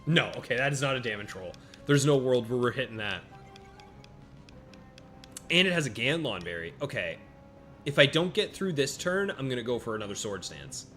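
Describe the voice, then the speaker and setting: A man's voice: medium pitch, big pitch swings, moderate pace, long pauses. Chatty male game streamer. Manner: chatty, answers chat by name, reacts out loud to each turn. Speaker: streamer playing a handheld monster-battle game. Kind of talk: casual live-stream commentary. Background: faint game music.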